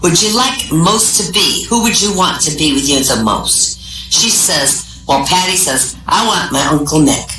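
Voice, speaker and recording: A woman telling a string of Irish pub jokes, jumping up in pitch for each quoted character. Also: expressive, a little slow, sharp tone. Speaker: stand-up comic. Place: small comedy venue. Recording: echoey room from far off, faint music.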